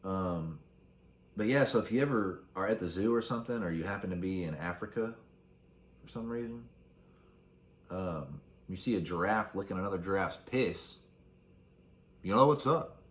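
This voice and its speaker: A man's voice: low voice, animated, moderate pace, long pauses, reverberant. A man hosting a casual solo podcast, reading facts aloud and cracking crude jokes along the way. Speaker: podcast host.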